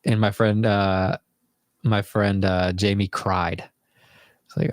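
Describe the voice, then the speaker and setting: A man's voice: lowish voice, level tone, slow pace, no room sound, clean studio sound. A young man telling a rambling, casual story to viewers from his bedroom, swearing freely as he goes. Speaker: vlogger.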